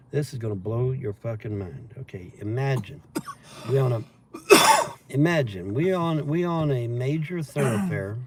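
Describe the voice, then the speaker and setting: A man's voice: medium pitch, mellow, a little hiss or hum. A man hosting a livestream, rambling casually and profanely as he reads and answers chat comments. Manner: profane, meandering storytelling with laughs. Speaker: livestream host reading chat.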